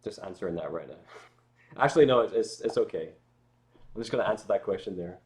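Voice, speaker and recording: A man's voice: lowish voice, expressive, quick pace, darkish tone. A Scottish man chatting casually as a guest on a livestream, rambling with lots of filler words and jokey asides. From Scotland. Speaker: guest musician.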